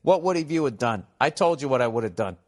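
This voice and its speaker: A man's voice: mid-range voice, lively intonation, quick pace, darkish tone. A middle-aged man hosting a podcast, giving blunt, profane, rambling advice in a casual comedic monologue.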